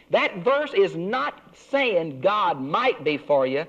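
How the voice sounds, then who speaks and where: Older male Bible teacher, fairly high voice, earnest classroom delivery, dull recording. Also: sing-song, slow, few pauses, fairly bright tone. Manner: earnest teaching, swinging pitch for emphasis.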